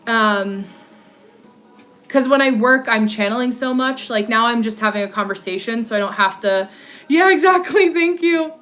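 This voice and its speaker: A woman's voice: a little high, steady tone, moderate pace, pushed and bright. Chatty alto woman on a walking livestream. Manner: rambling, heavy on "like" fillers, answering viewer comments. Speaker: livestream host. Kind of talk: casual livestream chat. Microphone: phone livestream.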